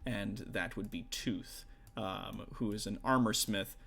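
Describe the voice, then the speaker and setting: A man narrating as game master in a relaxed way, laughing often and using many fillers. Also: on the low side, measured pace, creaky, husky.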